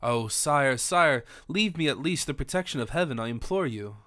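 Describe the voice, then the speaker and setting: A man's voice: medium pitch, animated, moderate pace, pushed and bright, no echo, clean studio sound. A man voicing a distraught, devout young woman in an audiobook, pleading in formal old-fashioned speech. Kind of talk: audiobook character reading.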